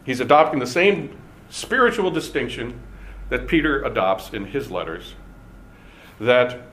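A man teaching a Bible study class, speaking deliberately and stressing key words with pauses. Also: mid-range voice, a bit bright, slight background noise.

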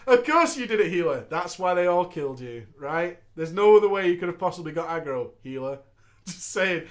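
A male show host reads a viewer's gaming story aloud, adding crude, comedic commentary that is animated, profane, and full of laughter. His voice is high and his pace normal.

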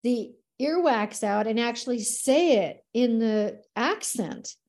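Mellow-voiced woman, lively storyteller. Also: fairly high pitch, slow pace. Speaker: guest, dance teacher. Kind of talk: casual podcast conversation.

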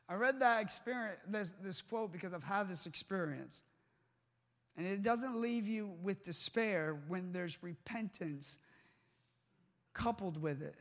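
A man's voice: high voice, measured pace, a bit bright. A man preaching a sermon with fervent emphasis and restarts, before a live congregation in a large hall. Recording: long hall reverb.

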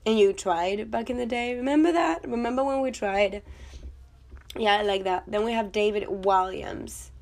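A woman's voice: fairly high pitch, moderate pace, creaky. A woman vlogger talking casually about a film, chatty and blunt, with swearing and rambling asides. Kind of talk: casual chat.

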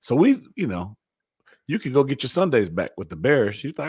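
A man's voice: mid-range voice, sing-song, a little fast, a little mellow, breathy edge. A man in casual sports banter, blunt and teasing, laughing often.

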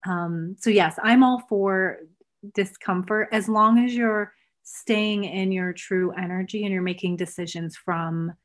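An earnest woman in a relaxed podcast chat. She speaks in a reflective, heartfelt way, with a mid-range voice. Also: medium pitch, measured pace. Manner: earnest, reflective, talks about energy and truth. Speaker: guest, former coach. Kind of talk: casual podcast conversation.

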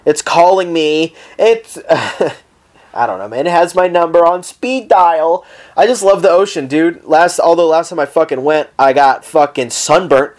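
A man's voice: on the high side, moderate pace. A young man hosting a casual solo podcast, rambling through stories with heavy swearing and frequent laughter. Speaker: podcast host.

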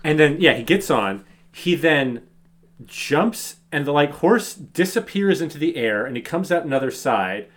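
Animated, incredulous podcast co-host. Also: medium pitch, unhurried. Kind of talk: casual movie recap chat.

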